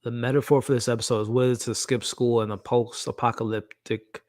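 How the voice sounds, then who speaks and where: Male streamer, mid pitch, candid and chatty, close dry sound. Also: level tone, a little fast, darkish tone, no echo. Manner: candid, chatty, talks straight to the live chat. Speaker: host. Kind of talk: live reaction stream chat.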